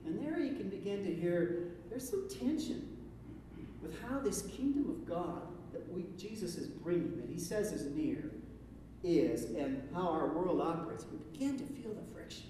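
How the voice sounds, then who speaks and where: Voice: mid-range voice, sing-song, moderate pace, dark tone, slight background noise. A pastor preaching a conversational sermon, asking rhetorical questions and often restarting his sentences. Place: church sanctuary. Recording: echoey hall recording from far off.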